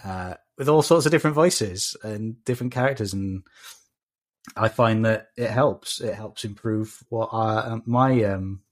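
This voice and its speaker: A man's voice: on the low side, a little slow. A man with a South Welsh accent, a guest on a casual podcast, talking with many fillers and restarts. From Wales.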